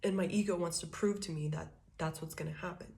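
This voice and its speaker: A woman with a lowish voice reads tarot cards in a casual, rambling way. She swears freely, laughs often and slips into quoted voices as she explains each card. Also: steady tone, fast talker, vocal fry, darkish tone. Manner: loose and profane, laughs often, acts out quotes. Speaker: tarot reader.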